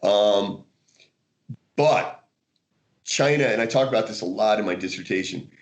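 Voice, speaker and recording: A man's voice: fairly low pitch, measured pace, creaky. Chatty storytelling American man. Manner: animated storyteller, laughs often, many restarts. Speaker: guest, martial arts author. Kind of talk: casual interview chat.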